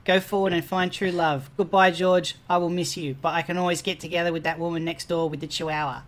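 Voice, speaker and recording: A man's voice: on the high side, flat delivery, fast talker, lightly acted. A man voicing a forgiving middle-aged wife in a comedy podcast reading, speaking in a lofty, solemn way. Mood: serene.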